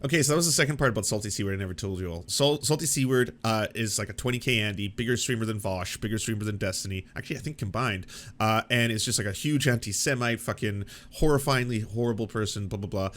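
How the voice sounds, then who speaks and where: A man's voice: on the low side, quick pace, fairly bright tone. A man hosting a reaction show, talking casually and loosely, with lots of swearing and "like" fillers. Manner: loose, profane, frequent "like" fillers. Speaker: show host reacting to a debate. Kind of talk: casual commentary.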